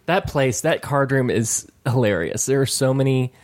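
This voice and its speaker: A man's voice: medium pitch, moderate pace. A man telling a casual, rambling story in a chat. He swears freely and acts out the people he quotes.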